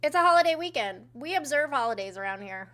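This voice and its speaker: A woman's voice: high voice, animated, fast talker, crowd noise. A woman co-hosting a casual livestream, talking offhandedly with frequent swearing and reading out viewer messages. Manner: profane, offhand, reads out chat messages. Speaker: co-host.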